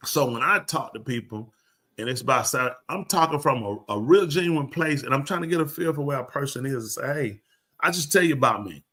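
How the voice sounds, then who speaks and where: Bright-voiced older preacher man. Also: medium pitch, a little fast, slightly rough. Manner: animated, acts out dialogue in raised voice. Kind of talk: casual storytelling talk.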